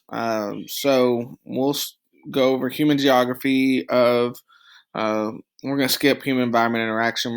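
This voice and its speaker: A man teaching a recorded geography lesson over slides, speaking loosely and haltingly with many ums and restarts. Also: medium pitch, vocal fry.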